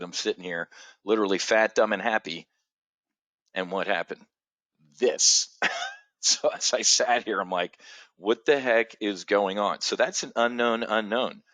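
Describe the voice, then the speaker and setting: A man's voice: lowish voice, a bit bright, no room sound. A man hosting an options trading show, giving opinionated market commentary in a blunt, rambling way with many fillers.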